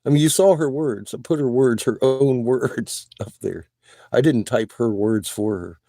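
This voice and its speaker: A man's voice: medium pitch, moderate pace, creaky, warm tone, dry recording, studio quality. A man on a casual, profane rant who swears constantly, laughs often and coughs between remarks. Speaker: livestreamer.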